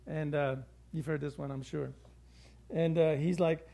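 A middle-aged male pastor preaching a sermon with lively, conversational storytelling. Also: a little high, measured pace, creaky.

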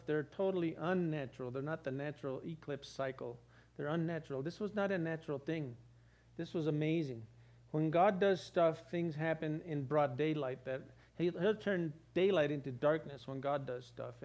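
A man delivers a sermon from the pulpit. His voice sits a little high for a man, and he drives his points home with rhythmic repetition and rising emphasis. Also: moderate pace, a little mellow. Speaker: pastor.

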